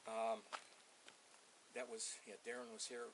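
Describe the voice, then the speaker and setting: An older man with a rough, gravelly voice talks his way through a long, winding account, cursing casually and circling back on his own details. He is recorded outdoors on an officer's body camera. A steady hiss runs under his voice. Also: medium pitch, measured pace. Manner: meandering, profane storytelling. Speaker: resident being questioned. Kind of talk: rambling account to a deputy. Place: outdoors in a yard. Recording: hissy body camera audio.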